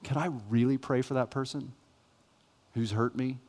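A male pastor preaching a sermon, telling a self-mocking, animated story. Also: mid-range voice, normal speed. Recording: reverberant church hall.

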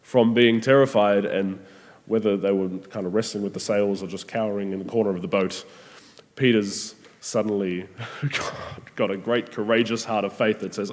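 A man giving a gentle, conversational sermon reflection with frequent pauses and restarts. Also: lowish voice, fairly even intonation. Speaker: preacher. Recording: long hall reverb.

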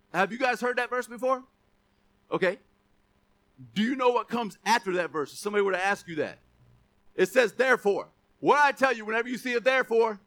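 Guy preaching a chatty sermon, really high bright voice, keeps quizzing the crowd. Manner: conversational, asks the congregation questions, laughs often.

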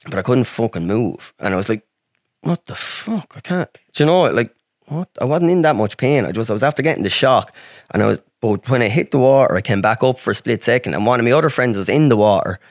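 Medium-pitched and animated, this Irish man talks fast as a podcast guest, rambling through a long personal story with plenty of swearing and frequent restarts. The recording is dry and studio quality.

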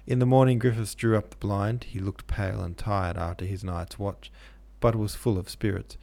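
A man narrating a classic novel in a steady, measured reading. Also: lowish voice, vocal fry. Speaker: podcast host and audiobook narrator.

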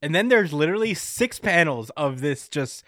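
A man in casual chat, recapping a story and acting out the characters' lines in quick voices, laughing often. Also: fairly high pitch, lively intonation, fairly bright tone, dry recording, studio quality. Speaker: podcast co-host recapping a manga chapter.

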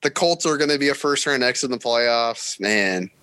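A man's voice: medium pitch, lively intonation, moderate pace, bright, forceful tone, clear, resonant tone. A man co-hosting a sports podcast with dry, sarcastic remarks. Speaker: podcast co-host. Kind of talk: casual sports podcast chat.

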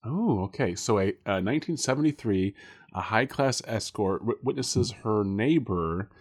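Chatty low-voiced man hosting a podcast. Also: animated, moderate pace, husky. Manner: chatty, rambling with many fillers and restarts, laughs often. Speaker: podcast co-host guessing films. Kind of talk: casual podcast chat.

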